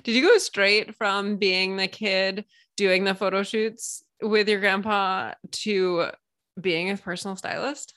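A woman hosting a casual podcast interview, asking relaxed questions. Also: mid-range voice, slow pace. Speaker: podcast host.

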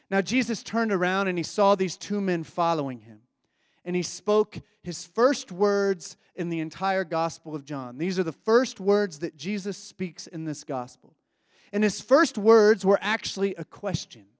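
A man with a high voice delivers a sermon in a relaxed, conversational way. He reflects aloud and keeps putting questions to his listeners. The sound is dry and close, with no room echo. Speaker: preacher.

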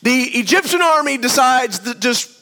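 A man's voice: very high voice, animated, normal speed, pushed and bright. A man preaching a sermon to a congregation, retelling the story in a chatty, storytelling way and speaking straight to the room.

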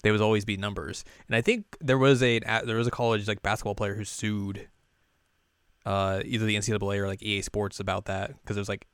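A man's voice: fast talker, clear, resonant tone, dry recording, studio quality. Chatty young man recapping an anime. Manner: rambling, animated, acts out characters in high voices. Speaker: podcast co-host. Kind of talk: casual anime recap chat.

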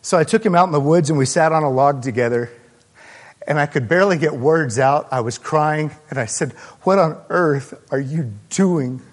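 A man preaching a sermon as pastor, telling a story earnestly and haltingly, with frequent restarts. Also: fairly high pitch. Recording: long hall reverb.

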